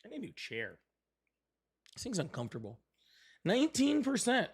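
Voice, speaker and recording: A man's voice: high voice, wildly swooping pitch, moderate pace, breathy edge. A man hosting a political livestream from his seat at home, talking in a profane, sardonic, rambling way. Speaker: livestream political show host. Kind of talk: casual live-stream talk. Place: at home, seated.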